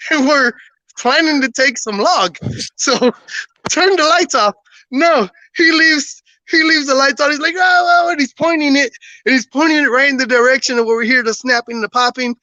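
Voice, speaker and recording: Guy telling a story on a podcast, sharp bright voice, kinda dull lo-fi sound, laughs a lot. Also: very high-pitched, a little fast, no echo. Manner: animated, laughs often, acts out dialogue. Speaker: guest telling a personal story.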